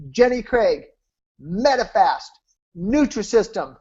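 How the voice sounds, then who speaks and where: Stubborn skeptical nurse lady, a man quoting her, flat and dismissive, muffled call sound. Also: sits high, takes it slowly, slightly rough, full character voice. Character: stubborn skeptical middle-aged woman nurse. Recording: dull lo-fi call audio.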